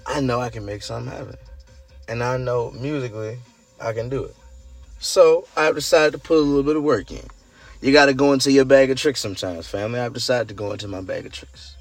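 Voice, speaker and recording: A man with a hoarse, groggy voice, hosting his own show and telling a story in casual chat, swinging between loud hype and murmurs. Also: mid-range voice, brisk, dry recording, soft background music. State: hoarse, lost voice. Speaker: show host.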